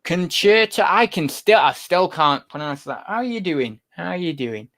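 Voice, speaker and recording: A man's voice: on the high side, animated, moderate pace, fairly bright tone. A young British man hosting a casual livestream, rambling to viewers in the chat. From United Kingdom. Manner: rambling, talks to viewers and to his cat. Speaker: livestream host, online reseller.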